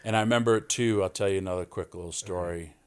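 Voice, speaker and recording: Forties New man, low-pitched, animated podcast guest storyteller. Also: fast, clear, resonant tone. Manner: animated storyteller, acts out quoted voices. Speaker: wrestling guest.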